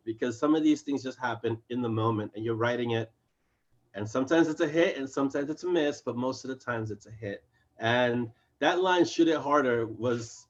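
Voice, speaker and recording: A man, a fantasy author, chatting in an interview over a video call, lively and acting out his characters' lines. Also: medium pitch, lo-fi sound. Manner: animated, acts out his characters' lines in quick voices. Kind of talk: casual video chat interview.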